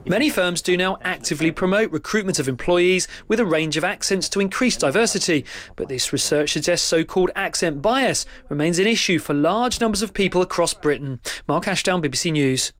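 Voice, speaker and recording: A man narrating a news report in a measured, clear way. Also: high-pitched, lively intonation, a bit bright.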